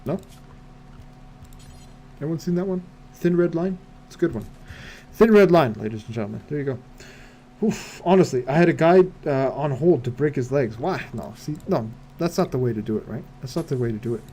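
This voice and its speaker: A man's voice: medium pitch, lively intonation, a little fast, mellow, slight background noise. A man streaming a game live, muttering to himself in casual commentary full of wry asides and rhetorical questions.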